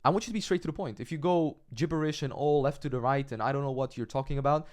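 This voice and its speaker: A man's voice: mid-range voice, quick pace, darkish tone. A young adult man teaching cold-calling as a sales coach, direct in manner, often checking in with "right?" and acting out sample calls. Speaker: agency coach. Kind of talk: sales training lesson.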